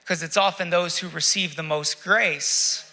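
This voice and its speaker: High-voiced forceful male pastor. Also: steady tone. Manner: reflective, rhetorical questions with dramatic pauses. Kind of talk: sermon.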